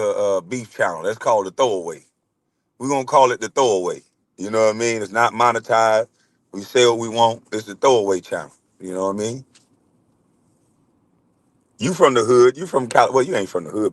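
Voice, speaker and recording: A man's voice: fairly low pitch, no echo. Profane laid-back man, dry close mic. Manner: loose, profane, laughing banter with chat. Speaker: livestream host. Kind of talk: casual livestream chat.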